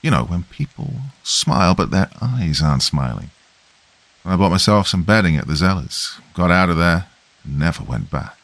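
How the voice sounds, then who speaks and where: A man voicing a worried man in his late fifties with a Liverpool accent, warning gravely in a story reading. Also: deep voice, very animated, normal speed, a bit bright, no echo, exaggerated voice. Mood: ominous.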